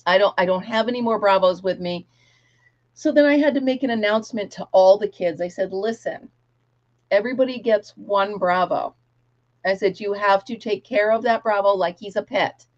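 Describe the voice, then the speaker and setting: A woman hosts a casual live stream and tells long, rambling stories with plenty of animation. Her voice sits at an ordinary middle pitch. The audio is a little dull and lo-fi. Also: moderate pace. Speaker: host. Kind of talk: casual chat, storytelling to viewers.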